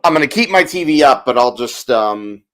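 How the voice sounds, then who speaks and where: A man's voice: mid-range voice, expressive, normal speed. A man co-hosting a baseball watch-along podcast, laid-back and often answering with short agreeing remarks. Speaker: podcast co-host. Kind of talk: casual sports chat.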